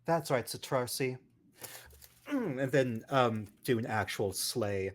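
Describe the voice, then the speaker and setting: A man playing a tabletop role-playing game, describing his character's moves playfully with lots of pauses and fillers. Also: mid-range voice, lively intonation. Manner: playful, halting, many fillers. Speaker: player. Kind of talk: casual tabletop play.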